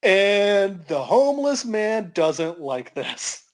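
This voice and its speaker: A man's voice: high voice, very animated, moderate pace. A man telling a comedic story on a podcast, acting out voices and laughing as he goes. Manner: acts out quoted voices, laughs mid-story.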